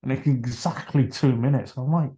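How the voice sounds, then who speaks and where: A man telling a story on a podcast over a video call, animated, acting out his own dialogue and trailing off. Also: mid-range voice, moderate pace. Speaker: podcast guest. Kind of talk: casual storytelling.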